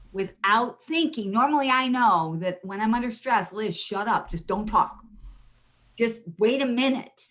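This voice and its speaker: Woman trainer on a video call webinar, chatty storyteller, acts out quotes, mid pitch. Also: a bit bright. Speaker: presenter, hiring trainer. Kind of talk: webinar presentation.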